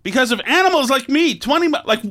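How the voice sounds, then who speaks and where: A podcast host telling a story in a casual, animated way, acting out his own quotes. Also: very high voice, fast talker, noisy background.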